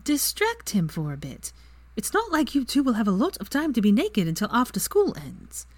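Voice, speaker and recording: A woman reading aloud and voicing a calm, knowing young witch who gives matter-of-fact advice. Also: a little high, normal speed, no echo, voice pushed up.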